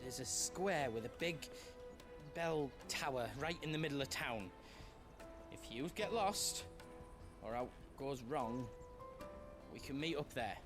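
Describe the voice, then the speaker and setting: A man voicing a jittery, lively merchant. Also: medium pitch, a little slow, long pauses, over music, lightly acted. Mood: nervous.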